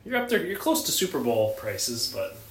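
A man co-hosting a podcast in casual chat, joking with deadpan banter. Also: a little high, moderate pace. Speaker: podcast co-host. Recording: roomy with faint ambience.

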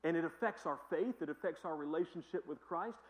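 A man's voice: a little high, fairly quick, low-quality recording. A male pastor preaching a sermon in a conversational, emphatic way with joking asides.

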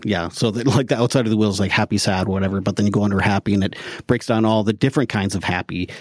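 A man with a lowish voice speaks candidly as a podcast guest, cursing casually and breaking into laughter. His voice sits close and dry, with no room sound around it. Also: fairly even intonation, racing, darkish tone, dry recording. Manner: candid, swears freely, laughs often. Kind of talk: casual interview chat.

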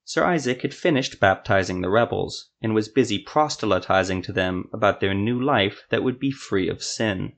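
A man narrating a scripted fantasy story for a podcast in a steady, even storytelling manner. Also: on the low side, moderate pace, vocal fry, few pauses.

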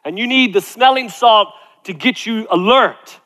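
High-voiced male pastor preaching in a hall. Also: measured pace, sharp tone. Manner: emphatic preaching with repetitions and "right?" asides. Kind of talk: sermon. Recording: long hall reverb.

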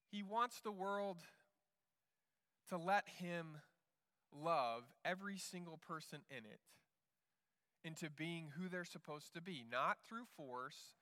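Earnest high-voiced male preacher. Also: pushed and bright, long reverb tail. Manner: earnest, repeats words as he restarts. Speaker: pastor. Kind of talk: sermon.

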